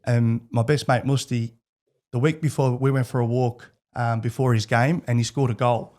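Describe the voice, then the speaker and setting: A man's voice: mid-range voice, fairly even intonation, moderate pace, darkish tone. A man in his thirties with an Australian accent, a podcast guest talking candidly and rambling, with many restarts. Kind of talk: casual interview chat.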